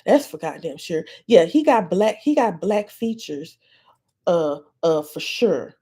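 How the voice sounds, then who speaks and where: A woman's voice: fairly low pitch, expressive, unhurried, dark tone, breathy edge. A woman podcast host on a live stream, ranting in a heated, profane way.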